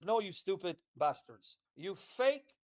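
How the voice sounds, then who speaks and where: A man's voice: high voice, sing-song, slow, darkish tone. A man delivering a hostile, insulting tirade on a livestream. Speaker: online commentator. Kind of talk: livestream rant.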